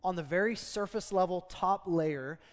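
A man preaching a casual, animated sermon as pastor of a church. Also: high-pitched, normal speed, long reverb tail. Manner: conversational, animated storytelling.

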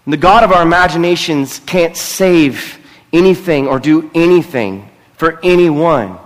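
In a large church sanctuary with long hall reverb, a middle-aged pastor speaks a little high and a little slow. His sermon is conversational and earnest, often broken by self-deprecating asides.

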